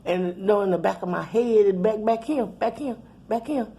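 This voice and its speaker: A woman's voice: mid-range voice, normal speed, mellow, a little hiss or hum. A middle-aged woman telling a rambling, profane, laughing story in casual chat. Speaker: channel host.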